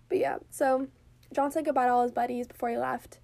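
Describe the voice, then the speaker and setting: A woman reviewing a TV episode in a casual, animated chat, swearing freely and filling her sentences with "like", while she drinks. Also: high voice, brisk, vocal fry.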